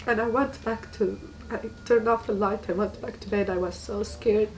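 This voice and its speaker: A woman from Tunisia, giving a personal testimony in an earnest, halting way and repeating words for emphasis. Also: mid-range voice, steady tone, a little mellow, recorded from a distance, a little hiss or hum, poor audio. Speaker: guest giving a faith testimony.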